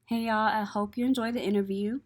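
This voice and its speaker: A young woman hosts a casual talk show. She tells stories in a chatty, animated way and laughs easily. Her voice sits at an ordinary pitch for a woman. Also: fairly quick. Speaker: podcast host. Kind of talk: casual chat and show recap.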